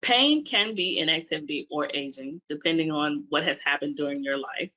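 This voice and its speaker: Bright-voiced woman giving a webinar talk. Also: low-pitched, expressive, moderate pace. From Washington, D.C. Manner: quizzing the audience with questions. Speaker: physical therapist guest. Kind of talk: webinar presentation. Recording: dull lo-fi webinar audio.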